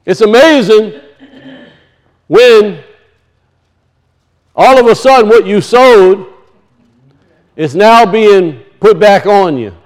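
A man's voice: high-pitched, rough recording. A man preaching a sermon. He reads scripture aloud, asks his hearers pointed questions and often repeats words for emphasis.

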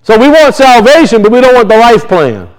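A middle-aged male pastor with a notably high-pitched voice delivers a sermon. He keeps pressing the congregation with rhetorical questions, building and releasing emphasis as he preaches. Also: big pitch swings, brisk, smooth, low-quality recording.

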